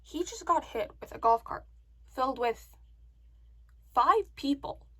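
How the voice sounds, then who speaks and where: A woman vlogger telling a story to the camera in a chatty, animated way. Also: sits high, a little slow. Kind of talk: casual story time.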